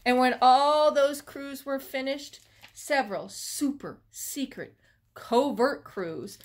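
A woman librarian reading a children's chapter book aloud with expressive storytelling. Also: high voice, slow.

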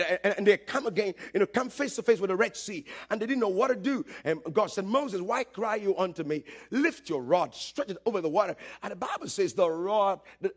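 A man preaching a sermon with great passion, telling a story, calling out to the congregation and rising to shouts. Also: high-pitched, husky. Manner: impassioned, building to shouts, calls for audience response. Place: church service, streamed live.

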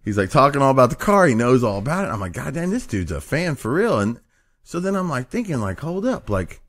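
A man's voice: mid-range voice, very animated, brisk. A man hosting a podcast, telling a crude story in casual chat, rambling and swearing and laughing along the way. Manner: rambling, profane, laughs through his stories. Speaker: podcast host.

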